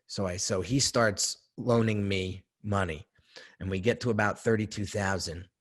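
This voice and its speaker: A man's voice: lowish voice, fairly even intonation, moderate pace. A man talking as a podcast guest, telling a personal story in an earnest, conversational way, often repeating himself.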